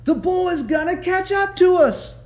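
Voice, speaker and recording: A man acting out a frantic man who shouts at his friend to pray, recorded slightly dull in a roomy space. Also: extremely high pitch, expressive, normal speed, pitched above the performer's own voice. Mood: alarmed. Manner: shouting in alarm.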